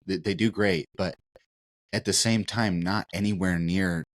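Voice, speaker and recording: A man's voice: low-pitched, steady tone, unhurried. A man co-hosting a podcast, talking in a rambling, candid way and often restarting his sentences. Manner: rambling, many restarts, candid and self-reflective. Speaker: podcast co-host. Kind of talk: casual conversation.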